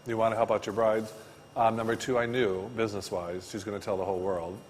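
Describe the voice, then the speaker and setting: Animated man teaching in a reverberant classroom. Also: on the low side, quick pace, slight background noise. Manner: animated storyteller, loud bursts then quiet asides. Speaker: floral design instructor.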